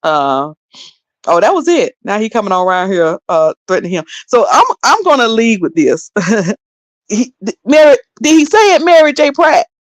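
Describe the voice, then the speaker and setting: A woman hosts a casual livestream of commentary, sassy and laughing as she mocks someone. Her medium-pitched voice is very animated, she speaks at normal speed, and there is no room sound.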